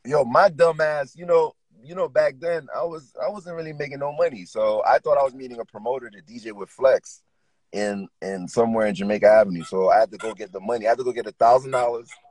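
Husky-voiced man telling a wild story. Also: medium pitch, no room sound, low-quality recording. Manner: animated, profane storytelling with quick restarts. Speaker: guest. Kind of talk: casual storytelling chat.

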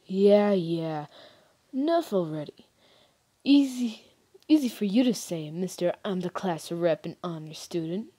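Woman putting on a gruff cocky brawler schoolboy from a game, taunting, slow and a bit dark. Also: lowish voice, animated. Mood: dismissive. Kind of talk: reading a game's dialogue aloud.

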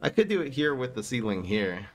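Animated male gaming streamer. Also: mid-range voice, brisk, faint music behind. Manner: animated, swings between muttering and exasperated outbursts. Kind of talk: casual gameplay commentary.

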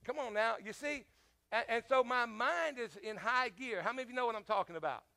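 A man's voice: extremely high pitch, brisk, vocal fry, bright, forceful tone. A man preaching a sermon as pastor, telling a personal story in a conversational way, with frequent fillers and questions to the congregation.

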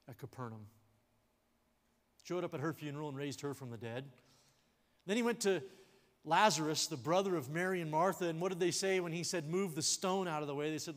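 A man pastor preaching a sermon, animated and jokey, dropping to a hush for weight. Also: fairly high pitch. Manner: jokey asides. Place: church sanctuary. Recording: long hall reverb in a church sanctuary.

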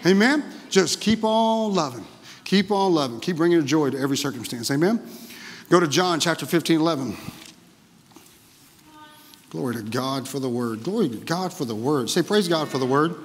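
High-voiced preacher in a hall. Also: male voice, moderate pace, slight background noise. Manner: energetic, exclaiming, frequent "Amen?" to the congregation. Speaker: pastor. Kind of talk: sermon. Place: church sanctuary. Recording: long reverb of a large hall.

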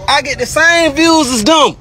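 A man's voice: normal speed, sharp tone. A man, ranting brashly and repetitively on a livestream. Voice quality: squeaky. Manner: brash, repetitive, profane, taunting. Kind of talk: boastful livestream rant.

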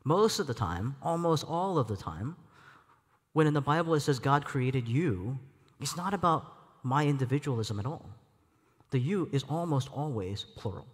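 A man's voice: mid-range voice, expressive, normal speed. Man preaching in a reverberant church. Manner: reflective, candid, self-deprecating with light laughs. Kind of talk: sermon. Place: church sanctuary.

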